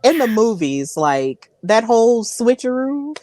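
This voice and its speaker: Lively chatty woman hosting a podcast. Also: a little high, measured pace. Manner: chatty, giggly, repeats herself. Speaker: podcast host. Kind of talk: casual podcast interview.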